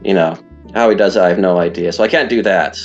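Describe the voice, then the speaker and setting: Chatty deep guest, rambling, self-deprecating, dull lo-fi audio with faint music. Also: male voice, fast talker. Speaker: guest, league player. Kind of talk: casual online interview.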